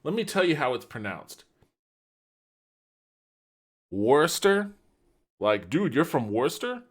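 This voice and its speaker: A man hosting a livestream, giving animated, casual reaction commentary that rambles and swears. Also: mid-range voice, brisk. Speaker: livestream host.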